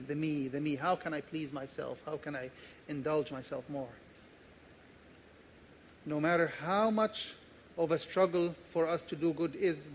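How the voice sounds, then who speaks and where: A man's voice: fairly high pitch, slight background noise. A man pastor preaching a sermon, earnest and emphatic, repeating key phrases and telling personal stories.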